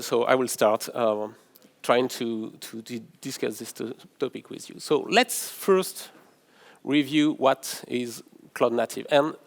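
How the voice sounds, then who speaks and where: French-accented man, middle-aged, mid-pitched, halting conference presenter who often restarts his phrases. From France. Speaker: conference speaker, developer advocate. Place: in-person conference session room.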